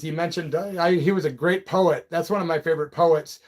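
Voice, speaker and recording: A man's voice: fairly high pitch, fairly even intonation, a little fast. A man hosting a casual live chat, reading out viewer comments in a loose, friendly way and calling people brother and man. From Peoria, Illinois. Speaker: livestream and radio host.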